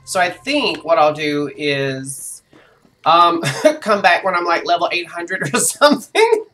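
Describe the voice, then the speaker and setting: Animated swearing gamer, lively pitch. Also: takes it slowly, soft background music. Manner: swears freely and vents frustration, then laughs it off; narrates own moves aloud, chatty and exclamatory. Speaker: live-streaming gamer. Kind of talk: casual gameplay commentary to viewers.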